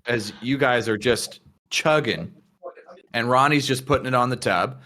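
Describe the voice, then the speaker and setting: A man's voice: mid-range voice, a little slow, bright, forceful tone, a little hiss or hum. A man narrating a tabletop game as game master, casual, with many fillers.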